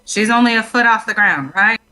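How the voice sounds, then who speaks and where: A woman playing a tabletop game, asking lively, eager questions. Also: a little high, brisk. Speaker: player. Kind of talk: casual tabletop game chat.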